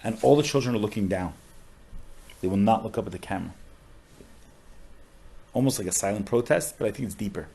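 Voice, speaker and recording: A male rabbi with a lowish voice tells a story on a podcast. He sounds heartfelt and uses a lot of casual fillers. At the saddest moments his voice falls almost to a murmur. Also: fairly quick, vocal fry, pauses often, warm tone, slightly rough. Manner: emotional storyteller with frequent "like" fillers.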